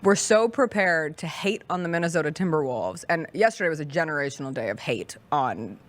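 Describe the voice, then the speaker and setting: A woman hosting a sports talk show, recapping games in a casual, emphatic way with dramatic pauses. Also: sits low, expressive.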